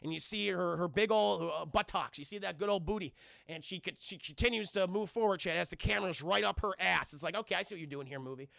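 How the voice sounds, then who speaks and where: Gravelly, bright-voiced man recapping a film. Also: high-pitched, fast talker, no room sound, clean studio sound. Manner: animated, profane, keeps addressing chat; thanks viewers for donations mid-recap. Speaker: film reviewer streaming live. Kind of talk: casual spoiler-heavy film recap to live chat.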